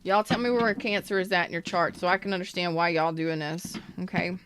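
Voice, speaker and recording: A woman's voice: fairly low pitch, steady tone, fairly quick, noisy background. A woman giving a casual live-streamed tarot reading, talking bluntly, swearing now and then and greeting viewers by name. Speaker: tarot reader.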